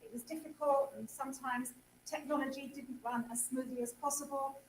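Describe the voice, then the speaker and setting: A woman's voice: sits high, steady tone, fairly quick, slight background noise. A woman teacher speaking to students and staff at a school event, thanking them and announcing the next speakers. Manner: warm thanks, repeats words, switches briefly to Italian. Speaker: English teacher hosting a school speech event. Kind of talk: speaking to an audience in a school hall. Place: school assembly hall. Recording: echoey hall, from some distance.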